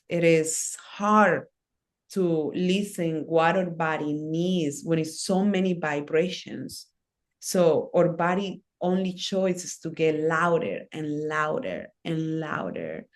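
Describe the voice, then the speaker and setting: Slow-spoken, low-voiced woman guest. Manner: earnest, unhurried, speaks in short phrases with fillers. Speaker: interview guest, ceremony facilitator. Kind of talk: reflective conversational interview.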